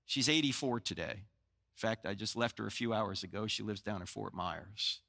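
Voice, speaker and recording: Speaking at normal speed with a fairly low, vocal-fried voice, this sixty-something New Jersey apologetics speaker tells lively stories to a live audience in a big hall. He jokes on the side and performs the dialogue himself, with long reverb trailing his words.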